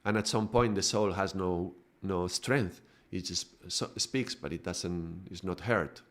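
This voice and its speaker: A man with a deep, unhurried voice gives a live spiritual talk as a teacher. He builds extended metaphors and often checks in with tag questions.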